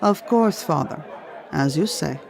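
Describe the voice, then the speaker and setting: Brief: someone voicing a formal, deadpan spy's daughter, mid-pitched, over loud crowd chatter. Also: a little slow, gravelly. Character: dutiful daughter of a Russian spy, young woman, obedient and dry.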